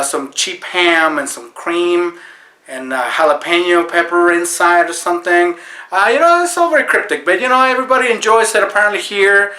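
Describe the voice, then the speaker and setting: A man hosting a deadpan mock tutorial, earnest and full of fillers. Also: high-pitched, echoey room. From Mexico. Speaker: comedy video host.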